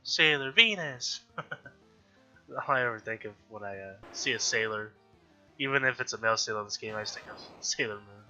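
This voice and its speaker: Nasal man, sharp bright tone, casual let's-play chatter over faint game music, lo-fi sound. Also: lowish voice, steady tone, moderate pace. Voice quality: nasal from allergies. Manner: chatty, thinking aloud, frustrated outbursts. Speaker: gaming YouTuber.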